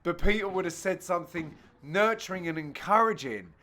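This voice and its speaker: Man, jokey match commentary, high voice, bright tone, self-mocking. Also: expressive, normal speed. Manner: jokey, self-mocking, bursts of loud exclamations. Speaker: host and commentator. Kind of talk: comic commentary over match highlights.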